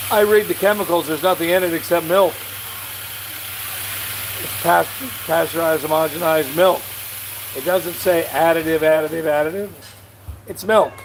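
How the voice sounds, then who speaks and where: A man's voice: a little high, noisy background. A man talking casually to his viewers at home, rambling and chatting to his dogs as he goes. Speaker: vlogger. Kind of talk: casual vlog chat. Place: home in the Philippines.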